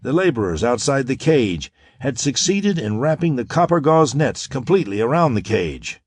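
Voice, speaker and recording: A man narrating a pulp science-fiction audiobook in a dramatic, expressive way. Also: mid-range voice, moderate pace, few pauses, breathy edge, dry recording, studio quality.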